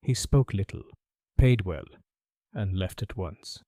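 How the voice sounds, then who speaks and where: A man voicing a smooth, calculating French perfumer in an audiobook, with a French accent and a polite, evasive manner. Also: low-pitched, animated, slow, warm tone, dry recording, clean studio sound, full character voice. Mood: curious. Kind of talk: audiobook character voice.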